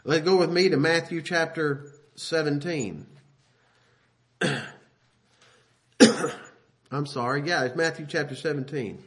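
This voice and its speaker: Reading King James scripture aloud with emphasis, this preacher delivers a folksy, conversational sermon full of asides and self-corrections. His voice is a little high and a bit bright. He takes it slowly and pauses often.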